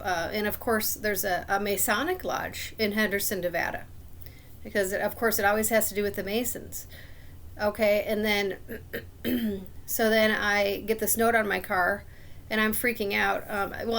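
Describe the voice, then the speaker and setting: A woman with a gravelly, fry-edged voice tells a long personal story in a loose, casual way. She sounds aggrieved and suspicious, and she keeps clearing her throat between her rambling sentences. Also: mid-range voice, a bit bright.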